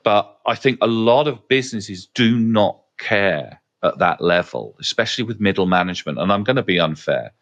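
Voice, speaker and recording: A man with a low, deep voice speaks in relaxed, conversational storytelling. He is frank and a little salty, with lots of fillers as he thinks aloud on a podcast. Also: normal speed, few pauses, highs cut off. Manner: frank, swears casually, frequent fillers. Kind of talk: casual conversational anecdotes.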